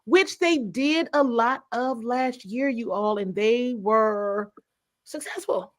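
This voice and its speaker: A woman gives animated football analysis in casual sports talk, her voice a little high and her pace slow. She laughs often and quotes people in put-on voices.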